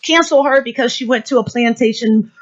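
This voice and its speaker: A woman's voice: a little high, fairly quick. A woman co-hosting a podcast in casual chat, rambling and filling with "you know". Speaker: podcast co-host. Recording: dull lo-fi sound.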